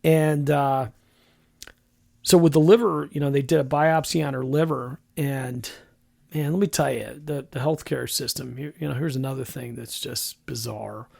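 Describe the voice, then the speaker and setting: A man's voice: medium pitch, fairly even intonation, normal speed, gravelly, darkish tone, slightly rough, dry recording. A middle-aged man, telling a personal story as a podcast host, frank and conversational with many restarts.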